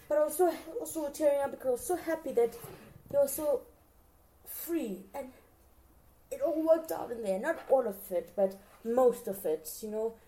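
A woman's voice: high voice, animated, moderate pace, mellow. A young woman in casual reaction chat, talking straight to her viewers and acting out her own reactions with gushing emotion. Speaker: vlogger reacting to a TV series.

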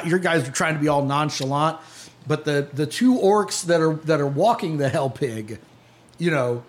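A man with a somewhat high voice leads a tabletop game as game master. He describes scenes in a loose, chatty way, full of fillers and quick laughs.

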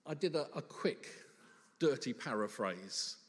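A man's voice: mid-range voice, expressive, measured pace, big-room sound. A man preaching a sermon in church, conversational and humorous, full of rhetorical questions.

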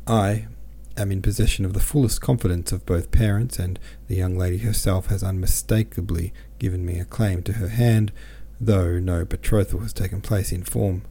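A man voicing a stiff, pompous businessman suitor who speaks coldly and formally in a high sing-song. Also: fairly even intonation, moderate pace, few pauses, warm tone, breathy edge. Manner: formal and cold.

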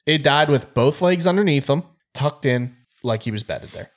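A man in a garage casually telling a hunting story, animated, acting out quotes and laughing often. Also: a little high, normal speed. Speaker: podcast co-host.

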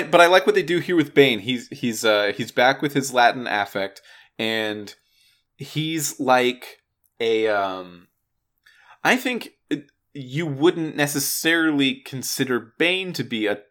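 A man's voice: mid-range voice, animated, slow, fairly bright tone. A man co-hosting a casual gaming podcast, rambling and restarting his words often. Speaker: podcast co-host.

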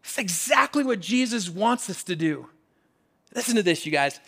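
High-voiced man preaching a sermon. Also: lively intonation, moderate pace, pushed and bright, husky. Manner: emphatic, conversational preaching with repeated phrases. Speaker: pastor.

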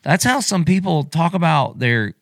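This middle-aged pastor hosts a podcast, speaking casually and with animated emotion while acting out quotes. His voice is fairly high with vocal fry, at a moderate pace, recorded at studio quality with no room sound.

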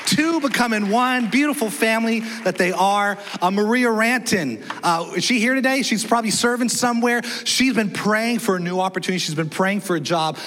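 Energetic high-voiced male pastor preaching. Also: a little fast, few pauses. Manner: energetic, chatty, asks the congregation questions. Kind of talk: sermon. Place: church auditorium. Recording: long church hall reverb.

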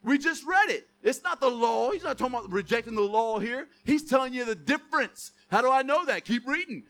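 A man's voice: very high voice, animated, brisk, few pauses, bright, forceful tone. A man preaching a sermon to a congregation, emphatic, often asking rhetorical questions. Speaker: pastor.

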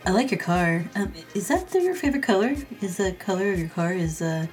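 A woman's voice: medium pitch, lively intonation, fairly quick, darkish tone, far from the mic, close to an everyday voice. A nonstop talker who spouts trivia and hops between topics, as a woman puts her on. Her voice sits mid-range with faint music underneath. She comes across as nosy and chirpy. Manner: rambling small talk, jumps between topics.

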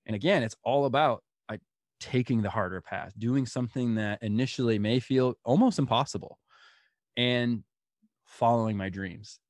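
Man guest, lively storyteller, middle pitch, dry sound. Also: no echo. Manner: animated, laughs through stories. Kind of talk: storytelling interview.

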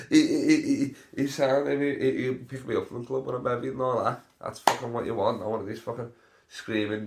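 A man's voice: medium pitch, brisk. A young man, stoned and hosting a casual solo podcast, rambling through sweary, laughing stories. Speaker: podcast host. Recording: roomy echo.

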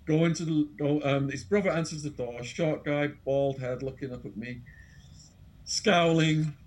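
A man's voice: a little high, measured pace. Englishman telling a dramatic story. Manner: animated, dramatic retelling with quoted voices. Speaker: interview guest. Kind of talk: storytelling anecdote.

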